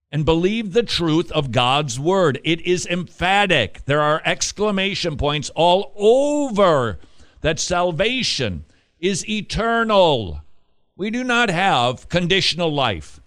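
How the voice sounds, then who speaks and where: A male Christian radio host with a lively, animated voice that swings up and down in pitch. He talks in a quick, chatty way and breaks into emphatic, forceful urging when he drives a point home. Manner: quick, chatty asides with restarts and laughs. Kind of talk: casual Christian radio talk.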